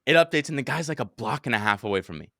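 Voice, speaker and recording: A young man races through a story in a bright, forceful voice, cursing freely. He acts out his own shouts and panicked thoughts as he goes. The sound is close and dry. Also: medium pitch, animated, racing, dry recording. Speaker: podcast host. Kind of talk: casual storytelling chat.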